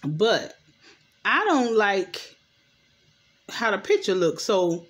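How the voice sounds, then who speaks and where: A woman's voice: mid-range voice, sing-song, slow, a bit bright. Young woman rambling thru a tv recap at home, super casual, lots of "anywho". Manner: rambling, chatty, repeats "anywho" and "what?". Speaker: TV recap vlogger. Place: home at night. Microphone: camera mic.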